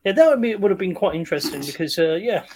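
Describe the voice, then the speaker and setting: A man in a relaxed film review chat, easygoing and quick to laugh. His voice sits slightly higher than most men's. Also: a little hiss or hum. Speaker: podcast co-host.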